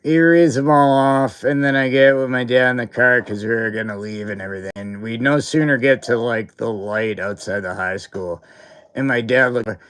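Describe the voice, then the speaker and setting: A livestream host tells a school story in a loose, rambling chat, packed with filler words and bursts of laughter. His medium-pitched voice is animated, smooth and fairly bright, at a normal speed.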